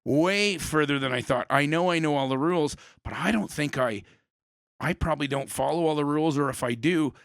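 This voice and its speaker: A man's voice: on the high side, fairly quick, no echo, clean studio sound. A man hosting a podcast, telling a rambling story in casual chat and swearing now and then. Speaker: podcast host.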